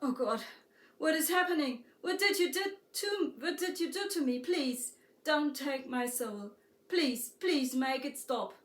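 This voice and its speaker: A woman's voice: sits high, animated, moderate pace, hardly any pauses, a bit bright, voice pushed up. A woman doing a stammering, frightened wanderer. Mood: pleading. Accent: German. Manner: stammering, pleading. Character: lonely male wanderer who collects souls, anxious. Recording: roomy echo, distant mic.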